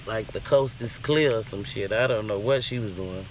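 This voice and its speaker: A man's voice: fairly low pitch, moderate pace, a little hiss or hum. A man vlogging a casual, profane rant in an indignant, questioning way.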